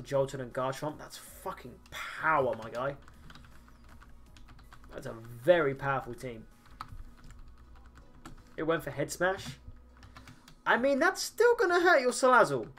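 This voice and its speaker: A man's voice: a little high, a bit bright. Tired man chatting on a game stream. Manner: chatty, swears, answers chat, many ums and restarts. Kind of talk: casual gaming livestream chatter.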